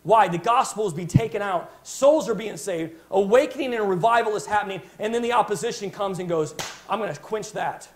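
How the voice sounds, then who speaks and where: A male preacher retells a Bible story in a sermon with passionate, dramatic storytelling. His voice is high and brisk, with hardly any pauses.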